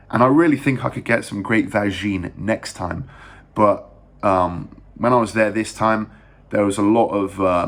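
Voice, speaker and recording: Fast-rambling English guy, low voice. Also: fairly bright tone. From England. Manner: rambling, crude, fast-talking with many fillers. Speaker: vlogger. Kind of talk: casual storytelling.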